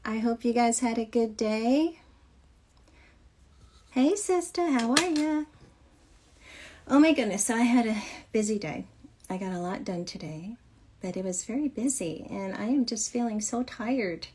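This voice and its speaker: A woman's voice: on the high side, normal speed, mellow, a little hiss or hum. A woman from Michigan hosting a casual livestream chat about children's books, upbeat and chatty, laughing often. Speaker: host of a children's author show.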